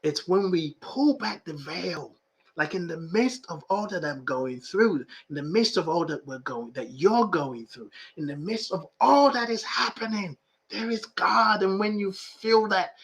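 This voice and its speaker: A man's voice: sits high, moderate pace, fairly bright tone. A middle-aged man hosting a spiritual talk show, preaching with emphatic repetition and plenty of emotion. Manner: preacher-like, emphatic, repeats phrases for effect; laughs often, emotional and full of feeling. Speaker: podcast host and life coach. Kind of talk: live-streamed spiritual talk reading viewer comments.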